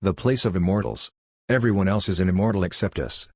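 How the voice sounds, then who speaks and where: A man's voice: low voice, quick pace, darkish tone, slightly rough, dry recording, studio quality. A man voicing a hesitant, nervous young woman.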